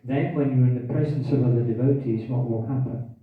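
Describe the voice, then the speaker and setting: A man's voice: mid-range voice, fairly even intonation, a little fast. A man giving a scripture class, quizzing the audience and repeating key phrases, with hiccups. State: has hiccups. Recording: tinny, distant, echoey room recording.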